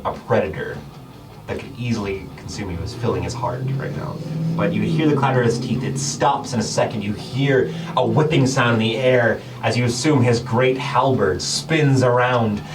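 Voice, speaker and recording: A man narrates as game master of a tabletop game, describing the action with many fillers and small laughs. His voice is mid-range at normal speed, recorded on a distant mic with background music.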